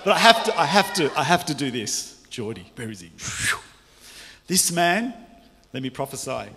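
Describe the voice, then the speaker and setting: A man's voice: a little high, big pitch swings, moderate pace, bright, forceful tone. A man preaching as a guest speaker, fervently declaring prophetic words over someone, with laughing asides. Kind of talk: prophetic sermon delivery. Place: large church hall. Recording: live church recording with long hall reverb.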